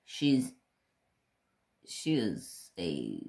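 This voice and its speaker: A man's voice: deep voice, huge pitch swings, extremely slow, vocal fry, a little mellow. A man chatting casually to his viewers as a craft vlogger, rambling about his pets and swearing offhandedly.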